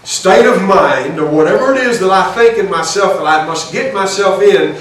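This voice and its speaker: A man preaching with a fairly high voice, earnest and pressing, often restarting a phrase to drive it home. He sounds set back from the mic in a big echoing church room. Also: lively intonation, normal speed. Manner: earnest, restarts phrases while building a point. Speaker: pastor. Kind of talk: sermon. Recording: echoey hall, voice from far off the mic.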